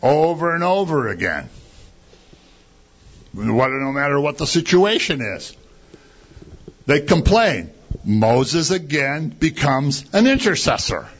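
A man delivers a conversational sermon, slipping into quoted complaints and asking rhetorical questions. His voice sits a bit high and swings widely in pitch. The recording sounds dull and lo-fi. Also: big pitch swings, slow, long pauses, husky. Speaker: preacher.

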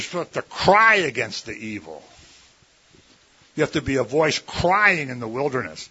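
A man's voice: medium pitch, very animated, moderate pace, bright, forceful tone, breathy edge. Folksy preacher man, lo-fi. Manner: conversational, folksy, with many fillers and mimicked voices. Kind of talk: sermon. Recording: dull lo-fi recording.

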